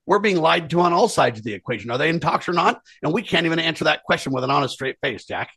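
A man talks politics as a co-host, leaning hard on his points and speaking straight to the audience. His voice is somewhat husky and sits a bit high. The recording is close and dry. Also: animated, fast talker, a bit bright, dry recording. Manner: earnest, emphatic, addresses listeners directly. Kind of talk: political commentary chat.

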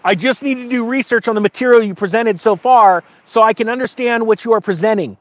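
Emotional, emphatic high-voiced man. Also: a little fast, no echo. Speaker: channel host. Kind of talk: casual to-camera talk.

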